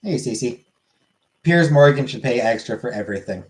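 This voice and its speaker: A man's voice: medium pitch, lively intonation, moderate pace, rough recording. A man on a live stream, casually answering questions from chat and swearing freely.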